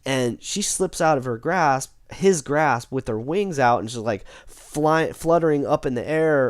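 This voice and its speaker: A man's voice: medium pitch, clean tone, dry recording, studio quality. A man recapping a tabletop game session in a rambling way, with lots of restarts and self-corrections.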